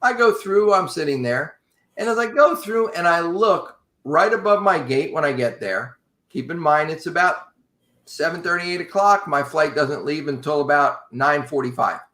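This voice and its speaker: A man casually telling a long travel story to a podcast host in an animated, wry way. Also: on the high side, normal speed. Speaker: podcast guest. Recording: roomy echo.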